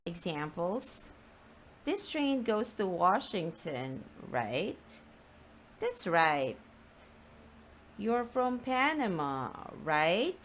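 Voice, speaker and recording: A woman gives an English grammar lesson at a very slow, careful pace, her lower voice rising and falling in a lively way. She reads example dialogues aloud and stresses key words. Faint noise hums behind her on a webcam stream mic. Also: poor audio. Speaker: English teacher.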